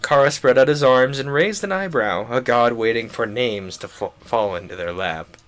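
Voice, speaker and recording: A man's voice: medium pitch, normal speed, a bit bright, soft background music. A young man streaming, reading a visual novel aloud with joking, chuckling asides.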